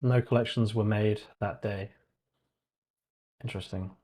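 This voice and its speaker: A man's voice: lowish voice, fairly even intonation, measured pace, dark tone. A man hosting a casual live-coding stream, reading chat aloud and muttering sarcastic asides as he works. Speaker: streamer building an online store.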